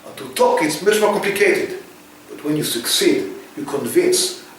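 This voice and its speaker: A man from France with a French accent, answering interview questions in halting, emphatic phrases that repeat words for stress. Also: on the high side, animated, fairly bright tone, heavy reverb, far from the mic, a little hiss or hum, rough recording. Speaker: interview guest.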